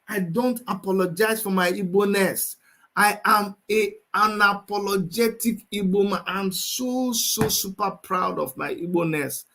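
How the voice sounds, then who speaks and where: Nigerian male host, fiery livestream commentary, high-pitched, repeats lines for force. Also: fairly bright tone. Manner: emphatic, repeats phrases for force.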